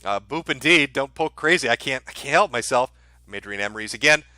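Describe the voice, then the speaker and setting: A man's voice: mid-range voice, expressive, a little fast, sharp tone, dry recording. A man streaming casually, reading out viewer messages and answering with dry, sarcastic asides. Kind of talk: casual livestream commentary.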